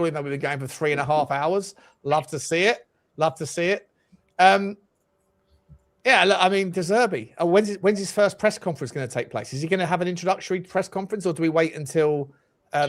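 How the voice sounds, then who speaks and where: A man hosting a casual football fan show, chatty and swearing freely. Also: fairly high pitch. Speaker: podcast host.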